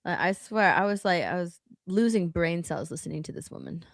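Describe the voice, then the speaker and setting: A woman's voice: on the low side, expressive, fairly quick, vocal fry, no room sound, studio quality. A woman co-hosting a casual livestream, sarcastic and dismissive as she comments. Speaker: co-host.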